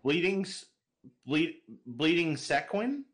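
A man's voice: fairly high pitch, very animated, slow, a bit bright. A man co-hosting a podcast who reads listener questions aloud and adds dry quips. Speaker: podcast co-host. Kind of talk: casual podcast chat.

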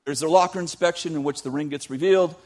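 A man telling a long story in a sermon, animated, with joking asides to his audience. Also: on the high side, fast. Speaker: youth teacher.

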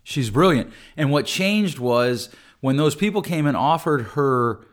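A man's voice: mid-range voice, animated, a little slow. A middle-aged man talking earnestly and conversationally as a podcast host, often restarting his sentences. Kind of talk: podcast monologue.

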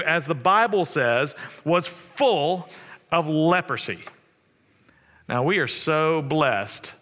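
A man preaching a sermon, telling the story conversationally and swinging between loud and soft. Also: on the high side. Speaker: pastor. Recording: long reverb of a church hall.

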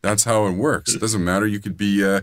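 A middle-aged man trading crude stories on a podcast, his voice very low and dry. He swears freely and sinks into quiet mutters when he grumbles. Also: steady tone, brisk, dry recording. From grew up outside California. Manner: profane storyteller, drops to low mutters. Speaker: podcast co-host. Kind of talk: casual chat.

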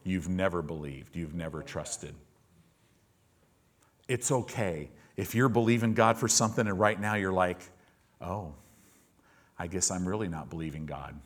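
A man's voice: low-pitched, measured pace, long pauses. A man preaching a sermon as a pastor, telling stories and acting out the voices of the people he quotes, while the congregation calls back in the church service.

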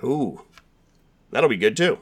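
A male podcast host takes his time, his medium-pitched voice sing-song and edged with breathiness. He chats casually, rambling along with plenty of fillers and repeated restarts.

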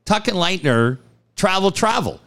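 A man's voice: high-pitched, measured pace. A man hosting a casual radio chat, telling stories animatedly, swearing freely and acting out quotes. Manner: animated storyteller, acts out quotes. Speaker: radio show host.

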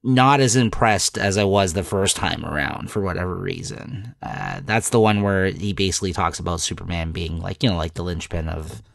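A man's voice: low voice, moderate pace, vocal fry, hardly any pauses, fairly bright tone, no room sound, clean studio sound. A man chatting casually as a podcast co-host, laughing a lot and trailing off in fillers. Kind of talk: casual chat.

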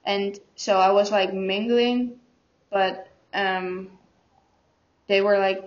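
Dutch-accented young woman guest, halting and searching for words, flat delivery on a muffled recording. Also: medium pitch. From Netherlands. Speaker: student guest. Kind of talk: casual personal storytelling. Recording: dull lo-fi recording.

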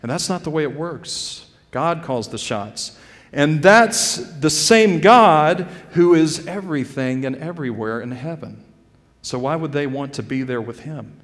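A male pastor preaching a sermon earnestly, calling his listeners "folks" and swinging between loud emphasis and quiet drops. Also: on the high side, lively intonation, a little slow, in a large hall. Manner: addresses the congregation directly as "friends" and "folks". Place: church sanctuary.

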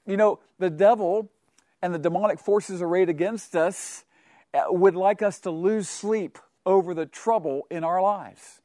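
A middle-aged man preaching a radio sermon, reading scripture aloud and exhorting his listeners in an earnest way, moving from loud declarations to hushed asides. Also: high voice, normal speed, no room sound, clean studio sound. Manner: dynamic, swings from loud to hushed. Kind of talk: radio sermon and Bible teaching.

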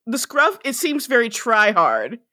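A woman's voice: fairly high pitch, huge pitch swings, a little slow, sharp tone, no echo, clean studio sound. A woman co-hosting a casual podcast, joking and giggling as she quotes the characters. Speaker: podcast co-host. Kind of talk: casual rewatch podcast chat.

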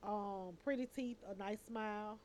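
A woman in casual group chat, opinionated and animated, talking in loose slang. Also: mid-range voice, a little slow, crowd noise.

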